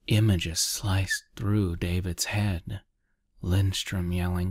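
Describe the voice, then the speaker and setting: A man reading a dark story in a half-whisper. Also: deep voice, fairly even intonation, no echo, studio quality. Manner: quiet, half-whispered, measured. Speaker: narrator. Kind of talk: soft ASMR story reading.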